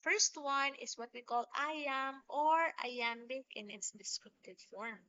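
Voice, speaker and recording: A woman teacher walks through a poetry lesson at an unhurried pace, tapping out rhythms as she explains. Her voice is bright and a little high. The sound is dry and somewhat muffled, with a lo-fi edge. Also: no echo. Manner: slow, patient explaining with sung-out rhythm examples. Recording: dull lo-fi sound.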